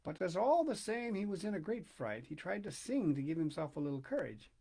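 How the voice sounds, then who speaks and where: A man reading a children's storybook aloud, expressive and dramatic, with hushed pauses. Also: sits high, gravelly. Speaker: narrator.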